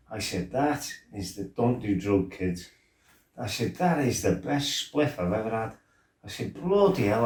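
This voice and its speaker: A middle-aged man telling stories from his fighting past, swearing freely and acting out his own outbursts. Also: mid-range voice. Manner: swearing, animated, acts out his own shouting. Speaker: former fighter telling his life story. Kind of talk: casual storytelling. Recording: roomy, from a distance.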